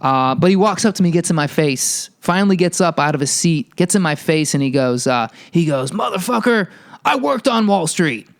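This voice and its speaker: A male podcast host delivering a heated, profane ranting monologue, telling a story with animated energy. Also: on the high side, brisk, hardly any pauses, clear, resonant tone.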